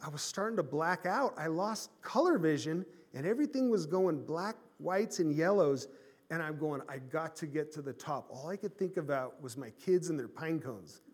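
A man in his forties preaching a sermon, his voice sitting fairly high. He tells a story with animated energy, swinging from loud bursts to hushed, quiet lines. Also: normal speed. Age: 40s. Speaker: pastor.

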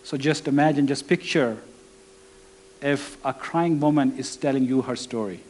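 A man preaching a sermon and telling a personal story, conversational and halting, with restarts and non-native grammar. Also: mid-range voice, darkish tone, slight background noise.

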